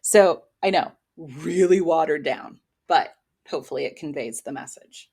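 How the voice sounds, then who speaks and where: A woman's voice: low voice, moderate pace, a little mellow, husky. A woman giving a casual weekly tarot reading into her own microphone, talking in an encouraging, motivational way. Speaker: tarot reader and spiritual coach.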